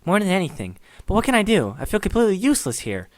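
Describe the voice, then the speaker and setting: A man's voice: high-pitched, huge pitch swings, fast, a little mellow, dry recording, voice pushed up. A man voicing a worried young man who blames himself, talking anxiously and earnestly. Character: worried young man, guilt-ridden and unsure.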